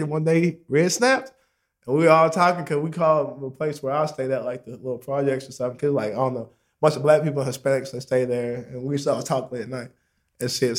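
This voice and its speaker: A young man chats casually, spinning a long, rambling story full of profanity, slang and fillers, and laughs loudly at the funny moments. His voice is fairly high.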